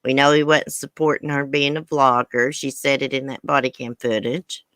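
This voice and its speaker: A woman's voice: a bass voice, little pitch movement, normal speed, a bit bright, no room sound. An older woman with a thick Southern country accent, chatting casually on a livestream and reading viewer comments aloud. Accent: American Southern. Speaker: livestream host.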